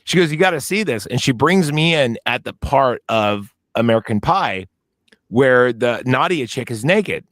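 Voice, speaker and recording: A man's voice: mid-range voice, animated, measured pace, a bit bright, no room sound. A man co-hosting a casual movie-review podcast, telling long anecdotes that drift into tangents. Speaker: podcast co-host.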